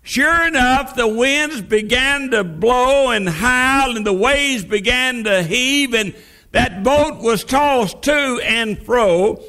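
A man delivers a sermon as vivid storytelling, dropping his voice for dramatic moments. His delivery is slow and deliberate, and his tone is unusually high. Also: pushed and bright. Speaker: preacher.

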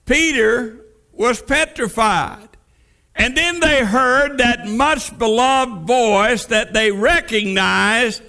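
High-voiced man preaching slowly. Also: sharp tone. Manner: vivid storytelling, dramatic drops in pitch. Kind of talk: sermon.

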